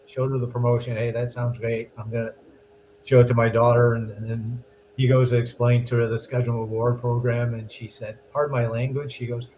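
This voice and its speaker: A man's voice: mid-range voice, brisk, rough recording. A man with a voice in the middle range tells a story on a business podcast. He talks in a loose, chatty way and laughs as he goes. A faint hiss of noise sits under the recording. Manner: animated storyteller, laughs while telling. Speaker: co-host.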